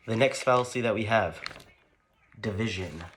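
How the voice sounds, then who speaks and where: A man's voice: lowish voice, moderate pace, fairly bright tone, slight background noise. A young man giving a loose, rambling lesson, leaning on "like" and restarting his sentences. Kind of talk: casual explainer lesson.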